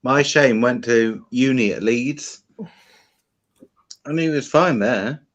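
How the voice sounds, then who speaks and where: A man's voice: medium pitch, slow, a bit bright. Easygoing Yorkshire man, guest on a chat. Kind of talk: casual chat over beers.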